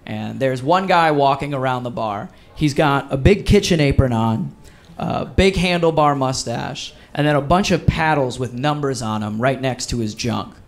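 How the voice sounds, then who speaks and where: Upbeat comedian telling a story. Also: male voice, medium pitch, moderate pace, vocal fry. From Wisconsin. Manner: animated storytelling with acted voices. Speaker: stand-up comedian. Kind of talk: stand-up comedy set. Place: live comedy venue. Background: audience laughter.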